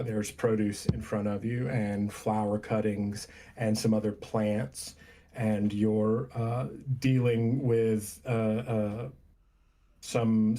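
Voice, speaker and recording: A man narrating a tabletop game as game master, unhurried and descriptive with many pauses and fillers. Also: on the low side, mellow.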